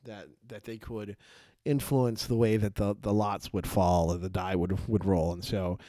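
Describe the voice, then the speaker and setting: A faith podcast host rambles through a Bible story in casual talk, full of fillers and restarts, acting out the characters' lines and laughing at his own tangents. His lowish, mellow voice has little pitch movement and a measured pace, recorded dry with clean studio sound.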